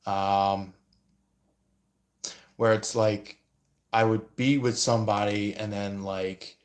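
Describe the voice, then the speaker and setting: A man's voice: lowish voice, little pitch movement, slow. A man giving a casual astrology reading and responding to viewer comments, talking hesitantly with many fillers. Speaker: astrology and tarot reader.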